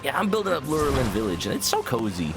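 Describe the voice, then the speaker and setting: A man's voice: medium pitch, wildly swooping pitch, fast talker. A man casually commenting while streaming a video game, playful and joking, rambling with little stammers, with game music behind him.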